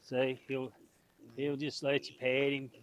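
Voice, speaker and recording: A man's voice: medium pitch, monotone, slow, slight background noise. A middle-aged man, chatting casually to his viewers and animals outdoors on a farm. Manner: folksy, talks to animals and viewers. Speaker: homestead vlogger.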